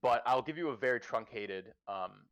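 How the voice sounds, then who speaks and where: A man's voice: mid-range voice, expressive, moderate pace, fairly bright tone, clear, resonant tone. A man hosting a casual livestream chat, giving profane, emphatic advice as a game master. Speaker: podcast host and dungeon master.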